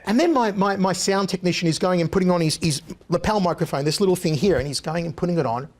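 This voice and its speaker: A man, a guest on an interview show, telling animated anecdotes in a punchy, casual way. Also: high-pitched, quick pace.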